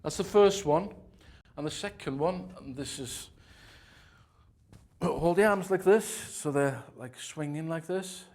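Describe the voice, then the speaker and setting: A man with a fairly high speaking voice gives a mock drum lesson in a deadpan, earnest way. He rambles through his tips and often sinks into quiet, muttered asides. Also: slow. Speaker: drum instructor. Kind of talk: comic mock masterclass.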